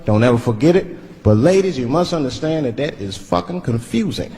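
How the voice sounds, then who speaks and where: A man's voice: mid-range voice, expressive, fairly quick. A man doing stand-up, telling stories in a conversational, profane, punchy way on a large theater stage. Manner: conversational, profane, punchy, acts out quoted voices. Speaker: stand-up comedian. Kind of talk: stand-up comedy storytelling. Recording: live show, echoey hall, audience. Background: audience laughter and crowd noise.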